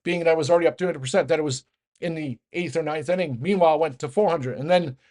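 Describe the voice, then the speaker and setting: A man giving a fast, rambling casual market rant as host, with many restarts and fillers. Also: on the high side, darkish tone. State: out of breath. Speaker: market commentator.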